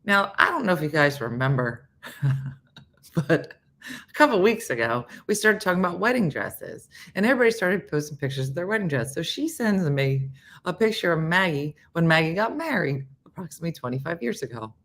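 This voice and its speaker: Animated low-voiced woman host telling a story. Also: fairly quick. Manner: animated storyteller, acts out quotes, laughs often, drops to whispers. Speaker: morning show host. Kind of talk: casual storytelling chat.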